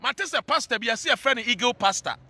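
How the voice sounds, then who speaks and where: A Ghanaian man rants in a fiery, scolding monologue and hammers his points with repetition. His voice sits high and sounds sharp and tense. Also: lively intonation, fast talker, no echo. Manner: fiery, scolding, repeats phrases. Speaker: social commentator. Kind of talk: heated monologue rant.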